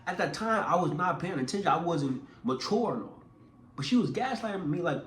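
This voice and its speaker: Young guy vlogger, slightly high voice, animated storyteller who stumbles and restarts, roomy echo. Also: brisk, slight background noise. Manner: animated, acts out quoted voices; casual, repeats words and restarts. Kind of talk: casual storytelling.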